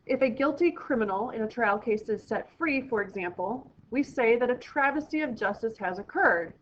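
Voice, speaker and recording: Higher-voiced woman teaching a vocabulary lesson. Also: animated, moderate pace, dull audio, a little hiss or hum. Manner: clear, explaining to students step by step. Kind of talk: recorded classroom vocabulary lesson.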